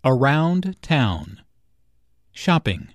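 Man, English lesson narrator, very slow, deliberate, clear emphasis, dry close recording. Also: mid-range voice, big pitch swings, no echo.

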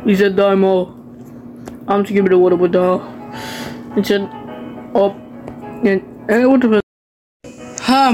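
A woman streams a game and comments as she plays, in slow, halting bits that often trail off. She breaks into sudden loud squeals and swears now and then. Soft music plays faintly behind her. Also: mid-range voice, rough recording. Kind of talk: excited gameplay commentary.

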